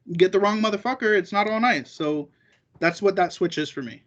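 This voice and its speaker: A man's voice: sits high, fairly quick, a bit bright, muffled recording. A man talking as a podcast guest in casual chat, rambling and profane, acting out what other people said. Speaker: guest, jiu-jitsu competitor.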